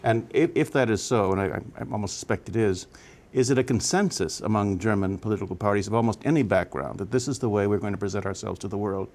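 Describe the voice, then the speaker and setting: A man's voice: on the low side, fast, hardly any pauses, darkish tone. A man hosting a policy interview, asking long questions and often adding short agreeing sounds. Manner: frequent brief backchannel agreement. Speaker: interview host.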